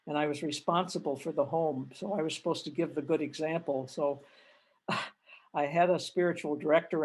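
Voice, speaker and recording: An older Canadian woman, a religious sister, giving a gentle reflective retreat talk over a video call and telling personal stories with rising feeling. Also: sits low. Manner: gentle, reflective, grows animated retelling stories. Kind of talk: spiritual reflection with personal storytelling.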